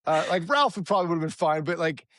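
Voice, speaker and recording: A middle-aged man co-hosting a podcast, telling a family story in an animated, self-deprecating way. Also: on the high side, fast, dry recording, studio quality. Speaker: podcast co-host.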